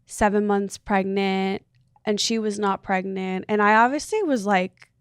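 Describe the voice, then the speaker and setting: A woman's voice: medium pitch, unhurried, smooth, dry recording, studio quality. A woman in her thirties, a podcast guest, telling a personal story in a rambling, earnest way full of "like". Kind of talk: casual chat, personal storytelling.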